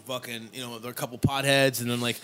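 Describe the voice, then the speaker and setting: A man's voice: mid-range voice, little pitch movement, quick pace, heavy background noise. Rambling, swearing man in casual chat. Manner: rambling, swears a lot, many fillers.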